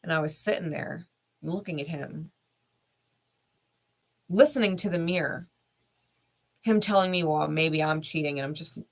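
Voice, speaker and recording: A woman's voice: fairly low pitch, measured pace, long pauses, husky. A woman, a spiritual content creator, telling a personal story in a blunt, heavily profane and emphatic way. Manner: heated, intense retelling.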